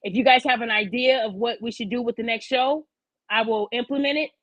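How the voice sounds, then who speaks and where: A woman's voice: a little high, brisk, a bit bright, no room sound. Blunt, profane woman ranting live. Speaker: host of a live online show. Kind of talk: livestream rant to chat. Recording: dull lo-fi sound.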